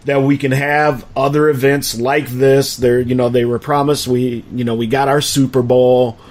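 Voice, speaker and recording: A man's voice: mid-range voice, little pitch movement, moderate pace, a little mellow. A man from Minnesota hosting a casual sports podcast, chatty and joking, keeping the talk on track. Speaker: podcast host.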